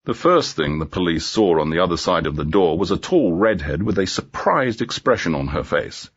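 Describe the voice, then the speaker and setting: A man narrating a graded-reader story in a clear, measured way. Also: low-pitched, big pitch swings. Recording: dull lo-fi audio.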